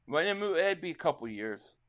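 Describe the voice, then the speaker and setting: A man's voice: a little high, fairly quick. A middle-aged man with a New Jersey accent hosts a casual live-stream reaction to a football game. He chats loosely with viewers and calls the plays as they happen. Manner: rambling chat with chat readers, bursts into excited play calls.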